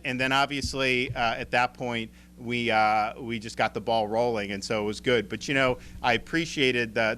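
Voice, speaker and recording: A man's voice: medium pitch, a little hiss or hum. A man in his forties with an American accent, telling a story at a press event in a rambling, repeating way and acting out the others he quotes. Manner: rambling, repeats words, animated quoting of others. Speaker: state governor. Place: emergency operations center.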